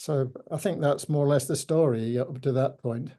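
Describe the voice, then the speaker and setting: An older man with a Yorkshire accent, telling stories in a measured, reflective way with gentle humour during an interview. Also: medium pitch. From Yorkshire, England. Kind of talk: reminiscing conversation.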